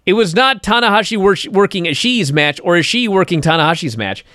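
A man co-hosting a podcast, telling a story in an excitable, animated way and acting out the moves on a close mic. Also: high voice, fairly quick, dry recording. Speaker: podcast co-host. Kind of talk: excited wrestling podcast chat. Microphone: close studio mic.

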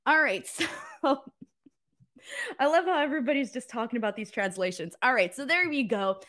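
A woman's voice: on the high side, moderate pace. A woman hosting a casual wrestling live stream, reading viewer messages with lots of laughter, joking and offhand swearing. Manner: laughs often, swears casually, animated and playful. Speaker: wrestling show host.

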